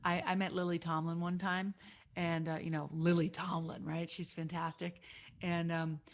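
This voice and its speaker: A woman, a guest musician, singing improvised uplifting lines and chatting in an animated, storytelling way at a church service. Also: lowish voice, moderate pace. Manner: soaring singing, then laughing, animated storytelling. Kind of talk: improvised gospel singing and casual chat.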